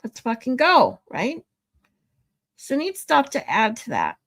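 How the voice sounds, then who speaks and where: Slow-talking, giggly woman streamer. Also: a little high, wildly swooping pitch, fairly bright tone. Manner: laughs a lot, swears casually, rambling. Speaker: live streamer reading chat. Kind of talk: casual live-stream chat.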